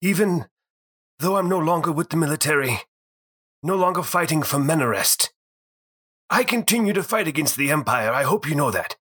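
A man voicing a retired male lieutenant general, speaking earnestly with a lifted pitch. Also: expressive, moderate pace, pauses often, a bit bright, slightly rough.

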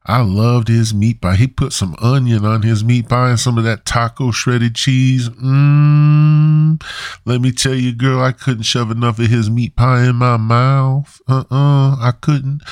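A man's voice: mid-range voice, no echo, clean studio sound, pitched above the performer's own voice, natural voice. A man putting on a sassy gossiping woman. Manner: drawling, gushing, sassy. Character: sassy gossiping woman raving about food.

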